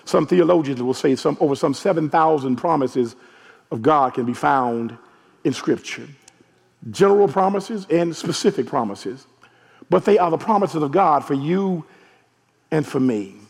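A man, a hoarse pastor preaching a sermon and calling out to his congregation, rising to shouts. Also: a little high, lively intonation, normal speed. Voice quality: gravelly, husky. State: hoarse from allergies. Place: large church sanctuary. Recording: long echo of a large church hall.

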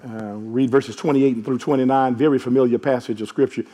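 A man, a hoarse pastor preaching a sermon and calling out to his congregation, rising to shouts. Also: medium pitch, steady tone, fairly quick. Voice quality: gravelly, husky. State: hoarse from allergies. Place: large church sanctuary. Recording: long echo of a large church hall.

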